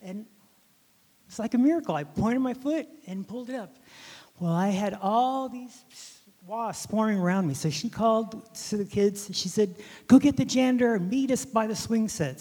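A man teaching a Bible lesson by telling a story from his childhood, rambling and halting with many restarts. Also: high voice, a little mellow. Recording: long hall reverb.

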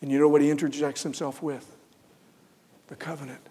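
A man preaching a sermon, swinging from loud, fervent build-ups to hushed, almost whispered lines. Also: fairly high pitch, level tone, fast talker, long reverb tail. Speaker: pastor.

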